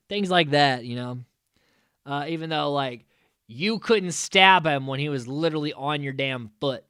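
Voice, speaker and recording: A man's voice: fairly high pitch, unhurried, sharp tone, clean tone, no room sound, clean studio sound. A man hosting a podcast, recapping an old episode in a rambling, sarcastic way full of "like" and "uh". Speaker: podcast host.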